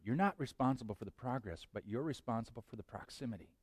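A man preaching a sermon as pastor, swinging between hushed lines and loud bursts. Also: mid-range voice, expressive, quick pace, no echo.

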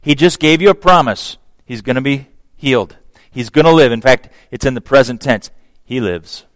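Male preacher at mid pitch, dry sound, sermon that dramatizes the biblical dialogue. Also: normal speed, no room sound. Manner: acts out scripture dialogue with raised emotional voices.

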